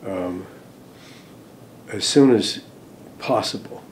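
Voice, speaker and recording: An older American man, a former diplomat, recalling events in an interview, hesitant with many ums and restarts, trailing off softly at phrase ends. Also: fairly low pitch, takes it slowly, slight background noise. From United States. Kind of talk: interview recollection.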